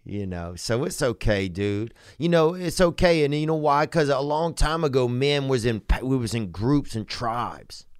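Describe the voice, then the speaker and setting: A man hosting a podcast, talking loosely and warmly to a caller, rambling with laughing asides. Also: mid-range voice, expressive, a little slow, few pauses, smooth, no room sound, studio quality. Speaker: podcast host. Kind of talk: casual podcast chat.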